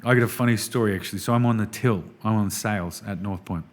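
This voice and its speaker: An Australian man guesting on a podcast, telling business stories in a casual, animated way and often saying "man". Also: fairly low pitch, fast talker. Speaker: restaurant executive guest.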